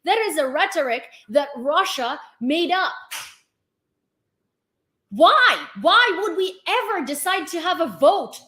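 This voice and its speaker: A woman's voice: very high-pitched, expressive, takes it slowly, pushed and bright. A young woman, ranting on her vlog in an exasperated, sarcastic way, swearing and firing off rhetorical questions. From Ukraine. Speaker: vlogger. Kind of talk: heated commentary rant.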